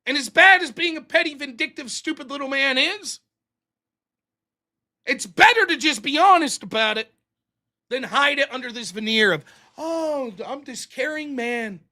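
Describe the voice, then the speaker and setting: Man, bright tense voice, heated sarcastic rant, swearing. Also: extremely high pitch, animated, normal speed, pauses often. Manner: mocks others in put-on voices. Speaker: live stream host. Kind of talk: ranting commentary.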